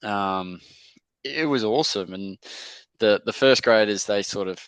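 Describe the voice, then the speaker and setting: A man's voice: on the low side, measured pace, fairly bright tone, clear, resonant tone, no echo. A young man, a rugby league player telling stories in a casual podcast interview, chatty and easygoing with lots of fillers. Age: young adult. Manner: laid-back, chatty, lots of fillers and mates' slang.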